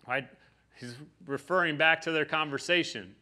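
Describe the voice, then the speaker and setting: A man's voice: a little high, moderate pace, sharp tone. A pastor giving a conversational sermon, often checking in with his listeners by asking "right?".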